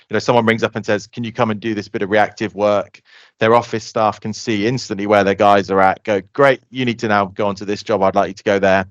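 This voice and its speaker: Quick guy chatting on a podcast, low-ish voice, kinda muffled audio. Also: no echo. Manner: fast, animated explaining, acts out customer quotes. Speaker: software company guest. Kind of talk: casual podcast interview.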